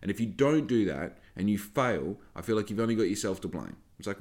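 A young man with a deep, low-pitched voice talks frankly on his podcast. His delivery is casual and meandering, sprinkled with swearing and asides as he circles back to his point. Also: lively intonation, brisk, hardly any pauses, a little mellow. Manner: swears freely, rambling and frank. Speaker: podcast host and small business owner. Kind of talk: casual rambling monologue.

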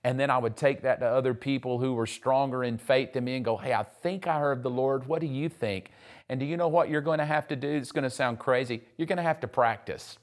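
A man's voice: medium pitch, brisk. A man pastor preaching conversationally, acting out the voices of people he quotes. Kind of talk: sermon.

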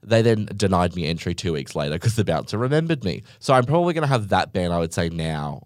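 A man's voice: low voice, sing-song, fast talker, no echo, clean studio sound. A young man hosting a podcast, telling a rambling, sarcastic story full of "like" and asides. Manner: sarcastic, rambling, heavy use of "like". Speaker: podcast host. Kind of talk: casual storytelling monologue.

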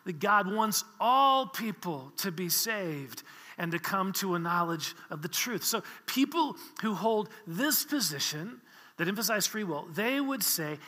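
Bright-voiced preacher man in a big hall. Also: high-pitched, big pitch swings, a little slow. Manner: earnest, explanatory teaching with frequent restarts. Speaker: pastor. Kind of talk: sermon.

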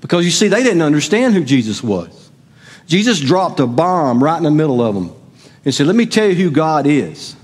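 A man's voice: a little high, big pitch swings, normal speed, darkish tone, slightly rough. A middle-aged man preaching a sermon as pastor, conversational and asking the congregation questions. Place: church sanctuary. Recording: long hall reverb.

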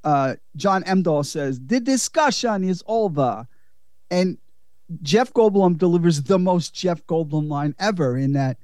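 A man's voice: fairly high pitch, measured pace, dry recording, studio quality. A man hosting a casual film-review chat, laughing and swearing often. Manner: laughing, profane, animated. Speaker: podcast host.

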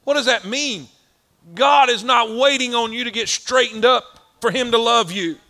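A man's voice: very high-pitched, normal speed, bright, forceful tone. A male preacher delivering a sermon in a folksy, rhythmic style, repeating lines for emphasis. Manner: folksy, rhythmic repetition, rising and falling emphasis.

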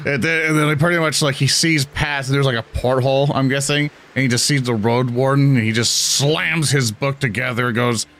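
A man's voice: medium pitch, fairly quick, hardly any pauses. Joking man at a tabletop game. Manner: joking, animated storytelling. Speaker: player. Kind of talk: casual chat at a tabletop game.

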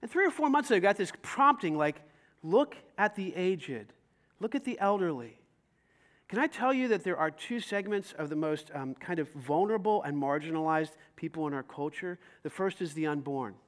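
A man preaching a sermon as pastor, telling stories with lively acted-out dialogue and rising to loud emphasis. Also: fairly high pitch, brisk, few pauses. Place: church sanctuary.

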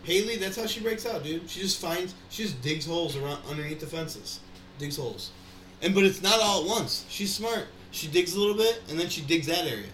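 A man's voice: on the high side, lively intonation, brisk, fairly bright tone. A man in casual chat, rambling and profane, talking animatedly with a friend. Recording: echoey room, faint background noise.

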